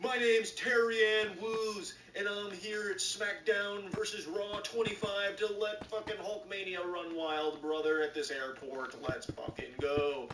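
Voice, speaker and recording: A man's voice: sits high, fairly even intonation, echoey room, recorded from a distance, background noise, voice pushed up. A man doing a mocking impression of a furious, entitled middle-aged woman who talks like a wrestling announcer. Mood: mock bombast. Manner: mocking, drawn-out announcer delivery.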